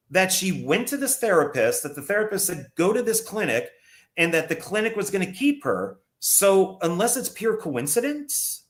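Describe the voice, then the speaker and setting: A podcast co-host with a high, somewhat bright voice casually retells a film's plot at length during a movie review chat. He often stumbles and restarts his sentences.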